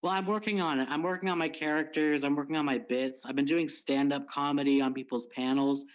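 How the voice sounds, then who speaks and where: A man's voice: a little high, steady tone, brisk, lo-fi sound. A man calling into a stream, chatting casually in a rambling, self-deprecating way. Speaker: stream caller. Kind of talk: casual chat.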